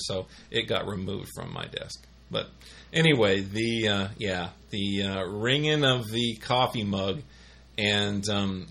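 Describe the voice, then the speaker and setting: A man's voice: on the low side, fairly bright tone, husky. A middle-aged man casually telling rambling office stories, full of fillers and restarts. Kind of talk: casual storytelling chat.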